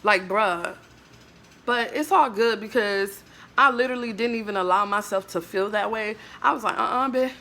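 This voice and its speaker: Her mid-range voice sounds pushed and bright as she talks at a moderate pace. She's a vlogger ranting to camera in an emotional monologue that's blunt, emphatic, and profane, peppered with "like, bruh".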